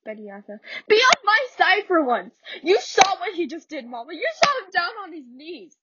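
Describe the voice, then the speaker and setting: A woman reading the part of a proud, angry young daughter who pleads in high, heated lines, on a slightly muffled recording. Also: very animated, normal speed, background noise. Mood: pleading.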